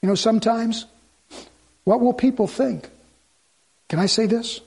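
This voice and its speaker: A man preaching a sermon as pastor, swinging between loud urgency and hushed pleading. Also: extremely high pitch, a little slow, gravelly, breathy edge.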